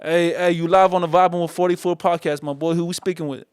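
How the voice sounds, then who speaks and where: La guy hosting a call-in podcast, high smooth voice, dry close sound, slang every other word. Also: flat delivery, fast talker, darkish tone, no echo. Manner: slangy, repeats "my boy" and "fool" constantly. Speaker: podcast host taking call-ins. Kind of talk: casual call-in podcast chat.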